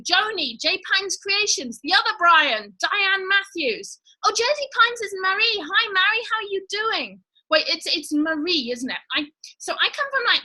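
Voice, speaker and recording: A woman's voice: very high-pitched, sharp tone, low-quality recording. A woman hosting a live online show, chatting casually with viewers in a bubbly way with lots of fillers. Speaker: livestream host.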